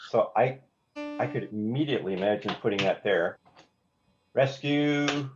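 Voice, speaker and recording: A man's voice: on the low side, fairly quick, over music. Man teaching rhythm in a dull lo-fi recording. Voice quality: hesitant, restarts words, sings rhythms on "da". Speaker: songwriting instructor. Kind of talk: classroom lesson with live demonstration. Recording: slightly dull, lo-fi class recording. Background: faint instrument playback.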